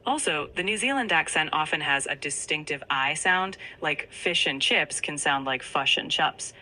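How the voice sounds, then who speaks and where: Woman's voice, AI assistant, very bright tone, low pitch, upbeat polished phrasing. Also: animated, normal speed, rough recording. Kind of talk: synthetic assistant reply.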